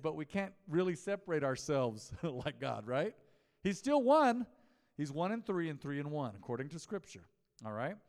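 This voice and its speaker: A man's voice: a little high, a little mellow, long reverb tail. A man preaching a mid-week sermon as pastor, in a conversational style, telling stories and asking the congregation questions. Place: church sanctuary.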